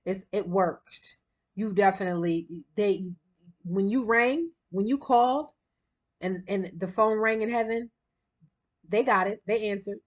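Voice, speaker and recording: A woman's voice: mid-range voice, lo-fi sound. A woman giving a casual spiritual card reading, chatty and rambling, and a little out of breath. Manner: chatty, rambling, quick bursts of laughter. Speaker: tarot card reader.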